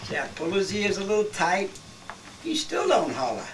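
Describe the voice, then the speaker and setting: A man's voice: high voice, huge pitch swings, normal speed. A man in his eighties telling old family stories in casual talk, chuckling as he goes and walking his listeners through each step. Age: 80s. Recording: distant home video with clear background noise.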